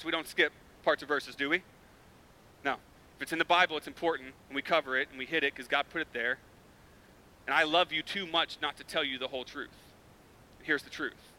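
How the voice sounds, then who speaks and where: A man's voice: a little high, pushed and bright, slight background noise, rough recording. A young man preaching a sermon as pastor, telling a story casually with filler words and building to emphatic points.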